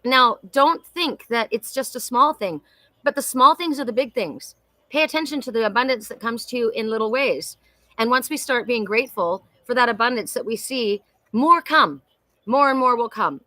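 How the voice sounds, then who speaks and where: A woman's voice: a little high, sharp tone, dry recording. A middle-aged woman hosting a weekly oracle card reading, talking in an emphatic, heartfelt way with many repetitions and restarts. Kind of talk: spiritual live-stream talk.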